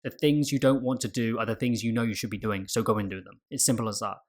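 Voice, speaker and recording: A man's voice: medium pitch, fairly even intonation, fast, darkish tone. A man talking to camera as a trading vlogger, giving an emphatic motivational talk that keeps repeating mantras and checks in with "okay?".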